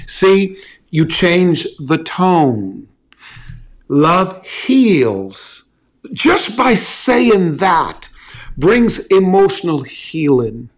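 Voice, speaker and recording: A man preaching in a relaxed, conversational way, repeating key phrases and asking rhetorical questions. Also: on the high side, very slow. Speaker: pastor. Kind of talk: conversational sermon on love and relationships.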